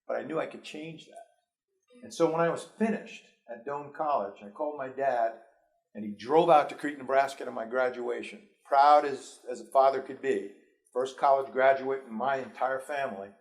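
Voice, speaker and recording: A man's voice: mid-range voice, moderate pace. Earnest New York man telling his story. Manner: earnest, personal storytelling with repeated restarts. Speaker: school superintendent. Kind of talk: motivational speech to students.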